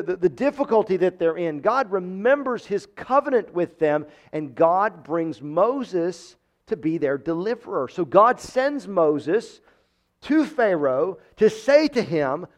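A man preaching an expository Bible lesson, earnest and emphatic, sometimes stumbling and repeating words. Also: sits high.

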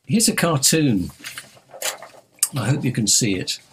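A man from North London preaching a sermon, telling stories and stressing key words with dramatic slowdowns. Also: medium pitch, very animated, a bit bright, slight background noise.

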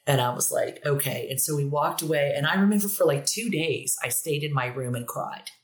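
A woman in her fifties with a low voice talks as a podcast guest. She tells her stories in a chatty, easygoing way and laughs often. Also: lively intonation, brisk. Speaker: guest, university director of bands. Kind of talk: casual interview chat.

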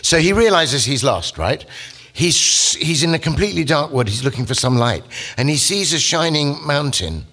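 A man giving a literature lecture, telling the story with animated, acted-out quotes. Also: on the high side, normal speed.

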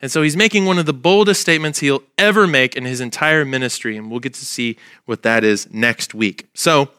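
A male pastor preaching a sermon, his voice nasal and stuffy from allergies, pausing often with fillers. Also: mid-range voice, sharp tone, clean tone, no room sound, clean studio sound. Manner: halting, with frequent "uh" fillers.

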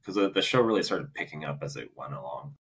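A man's voice: very deep voice, lively intonation, fast, fairly bright tone, slight background noise. A man co-hosting a podcast, chatting casually about a film in a rambling way with many fillers. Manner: rambling, lots of "like" fillers, laughs often. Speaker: podcast co-host. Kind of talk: casual movie review chat.

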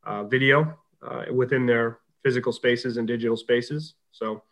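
A man in his forties with a Boston accent, a podcast guest talking in a relaxed way, pausing often with fillers. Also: mid-range voice. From Boston area, USA. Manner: relaxed, hesitant with many fillers. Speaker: guest, sales executive. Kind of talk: casual interview chat.

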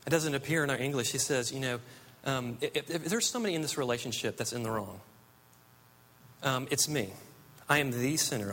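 A man's voice: medium pitch, fairly bright tone. A man from the United States preaching a sermon, telling stories earnestly. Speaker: pastor. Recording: long hall reverb.

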